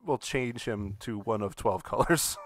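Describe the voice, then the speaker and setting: A man on a live podcast stream, excitable and stumbling over his words. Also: on the low side, measured pace, no echo. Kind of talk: casual livestream chat.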